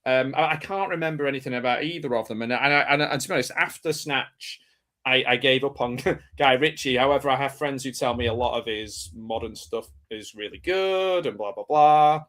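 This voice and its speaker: A man's voice: medium pitch, moderate pace, a bit bright. A man hosting a live watch-party stream, chatting casually and laughing often. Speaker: stream host.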